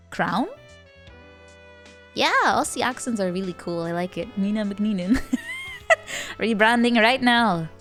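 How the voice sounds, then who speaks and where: A woman with a Dutch accent, a streamer chatting casually with viewers, giggling often and stammering through playful restarts. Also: medium pitch.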